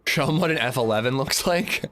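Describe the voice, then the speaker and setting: Bright-voiced young man chatting on stream. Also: mid-range voice, fairly quick. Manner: chatty and rambling, frequent restarts and fillers. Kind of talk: casual gameplay livestream chat.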